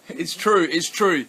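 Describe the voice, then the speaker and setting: This high, sharp, husky male voice belongs to a young Western Australian vlogger. He chats in a loose, rambling way, cursing a lot, restarting often and leaning on fillers.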